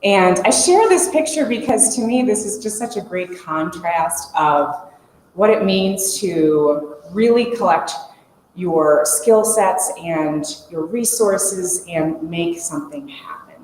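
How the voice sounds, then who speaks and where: A woman in her forties telling a lively story to a conference audience, laughing as she goes. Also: fairly low pitch, slow pace. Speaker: conference speaker. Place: conference room. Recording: echoey conference room, faint hum.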